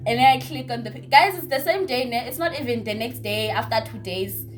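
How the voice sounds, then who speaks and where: Young woman vlogger, a bit high-pitched, chatty storyteller who repeats herself and drops to hushed asides. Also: fairly quick, faint music behind. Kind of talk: casual story time.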